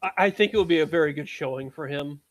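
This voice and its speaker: A chatty man hosting a casual podcast, who laughs easily. His voice sits somewhat higher than most men's. The sound is dry and close, with no room around it. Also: fast talker, no room sound.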